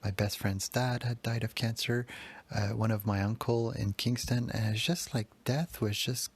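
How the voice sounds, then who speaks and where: Gravelly, husky man telling a candid story. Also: medium pitch, fairly even intonation, moderate pace. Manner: rambling, self-critical, swears freely. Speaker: podcast guest telling his story.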